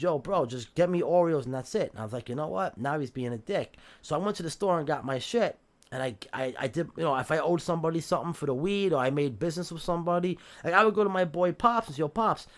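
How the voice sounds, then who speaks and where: A New York man appears as a podcast guest, trading jail stories in a casual, streetwise manner. He swears without restraint and acts out the voices he quotes, speaking on the high side.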